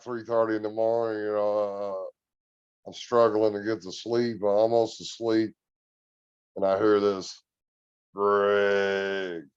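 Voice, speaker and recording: A man guest on a podcast, telling a story in an earnest, relaxed, drawn-out way. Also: fairly low pitch, clean tone, no room sound, muffled recording. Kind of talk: casual storytelling.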